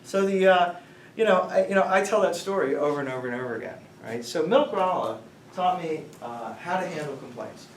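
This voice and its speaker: A man's voice: on the high side, lively intonation, brisk. A middle-aged man giving an informal lecture to students, telling rambling stories and quizzing the audience. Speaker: guest speaker, company founder. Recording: roomy, distant mic, faint noise.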